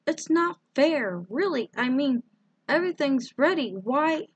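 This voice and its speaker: A woman's voice: high voice, lively intonation, unhurried, dry recording, highs cut off, pitched above the performer's own voice. A woman voicing a spunky little girl who is sure of herself. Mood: indignant.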